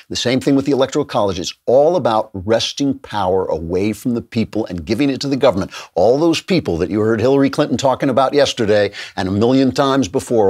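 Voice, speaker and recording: Male talk-show host, husky and low, emphatic and sardonic commentary. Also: a little mellow. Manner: emphatic, sardonic, with occasional laughs. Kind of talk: opinionated commentary.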